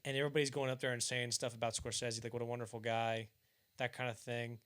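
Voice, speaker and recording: Young man, podcast host, casual storytelling, acts out quotes, lively delivery. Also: fast talker. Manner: animated storyteller, acts out quoted lines loudly and higher; casual and profane, frequent restarts. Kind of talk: casual chat, telling anecdotes.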